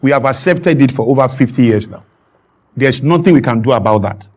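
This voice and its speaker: A man's voice: medium pitch, expressive, brisk, a little mellow. A man giving an impassioned talk, emphatic and repeating lines for effect. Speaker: guest speaker.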